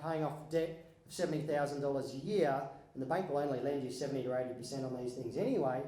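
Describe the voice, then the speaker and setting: In a conference hall, a male financial adviser gives a seminar presentation, chatting with the audience through wry asides and quick questions to the room. His voice is fairly high and warm, though the audio is poor and reverberant.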